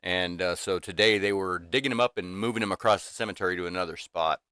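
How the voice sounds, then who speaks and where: Man, 50s, livestream host, rambling casual chat, lowish voice, forceful and tense tone, dry close sound. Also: fast talker, clean tone, no echo. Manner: rambling, venting, full of restarts and fillers. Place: small home workshop room.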